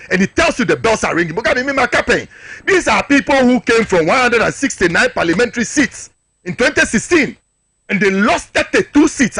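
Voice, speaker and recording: Ghanaian guy ranting politics on a talk show, bright husky voice, swings up and down a lot. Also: very high-pitched, dry recording. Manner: impassioned, hammering rhetorical questions. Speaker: political guest.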